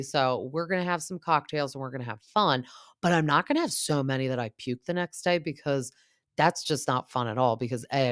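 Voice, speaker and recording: With a bass voice and clean, echo-free studio sound, a podcast host in her thirties chats about reality TV. Her recap is casual and gossipy, peppered with filler words.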